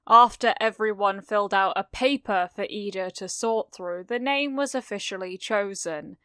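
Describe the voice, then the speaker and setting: Woman, story reader, slow, crisp tone, dry close mic, light character voices. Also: medium pitch, fairly bright tone, no echo. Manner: reads each character in a lightly changed voice. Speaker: fanfiction reader.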